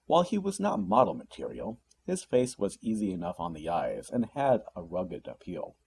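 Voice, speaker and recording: Expressive male audiobook narrator. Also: sits low, moderate pace, gravelly, slightly rough. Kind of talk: scripted narration.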